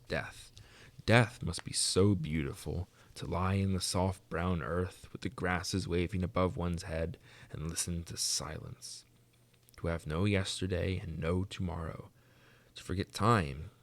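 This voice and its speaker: A man reading aloud, voicing a sad, lonely old male ghost who speaks slowly in a low, dreamy way.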